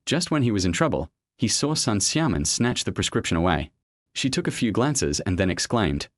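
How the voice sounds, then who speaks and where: A man reading a serialized story as narrator in an even storytelling manner. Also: on the low side, normal speed, no echo.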